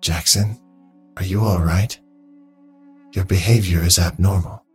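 A man's voice: deep voice, steady tone, measured pace, full character voice. A man voicing a clinical male training robot. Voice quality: husky, creaky. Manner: stiff, clinical phrasing. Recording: dry close mic, faint music.

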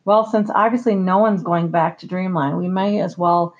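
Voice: medium pitch, steady tone, moderate pace, dull audio, lightly acted. A reader voicing a cunning, sardonic male giant rat who speaks in a dry, formal, mocking way, in a storybook reading.

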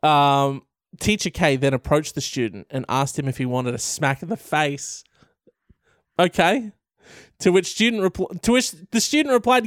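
A man doing comic commentary while reading an article aloud, animated and profane. His voice is smooth and a bit high for a man. The recording is dry and close. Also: measured pace, no room sound.

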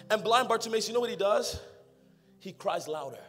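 A young adult man preaching an energetic sermon, rising to shouted, half-sung exhortation. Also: high-pitched, fairly quick. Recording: music playing behind.

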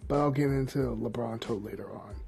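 A man's voice: medium pitch, brisk, vocal fry, a little mellow, breathy edge, faint music behind. A young man hosting a casual sports podcast, joking and rambling as he talks. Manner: joking, rambling, laughs at own jokes. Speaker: podcast host.

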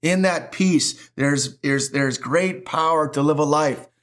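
A middle-aged man preaching a sermon as pastor, emphatic and animated, with lots of repetition. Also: on the high side, takes it slowly.

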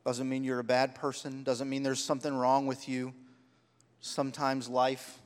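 A man's voice: mid-range voice, completely flat delivery, normal speed, clean tone, long reverb tail. A man preaching a sermon, telling personal stories with heartfelt, rising emphasis. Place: church sanctuary.

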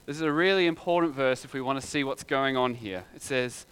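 A man's voice: medium pitch, brisk, few pauses, fairly bright tone, smooth. A man preaching a sermon in a conversational way, full of rhetorical questions.

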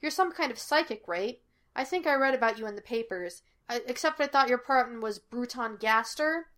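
Scattered, chirpy young cook in her twenties; woman reader voices her, light and fairly high. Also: expressive, normal speed. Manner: bright, breezy, a little wild.

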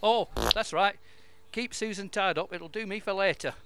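A man's voice: sits high, normal speed, heavy background noise, natural voice. A man playing a lecherous old male time-traveling entertainer in bawdy, blustering improv comedy, with an audience crowd behind. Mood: leering.

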